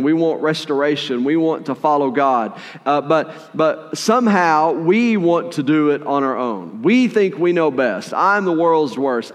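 A man preaching a sermon in a conversational, animated way, with playful asides while retelling a story. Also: on the high side, long reverb tail. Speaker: pastor.

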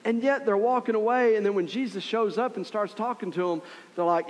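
A man preaching a sermon as pastor, telling the story in an animated way with acted-out voices and asides to the congregation. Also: high voice, a little fast, long reverb tail.

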